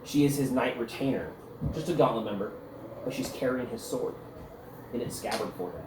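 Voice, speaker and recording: A man's voice: medium pitch, expressive, brisk, noisy background. A man as game master narrating a tabletop game in a loose, descriptive way, with frequent filler words. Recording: echoey room with faint ambience.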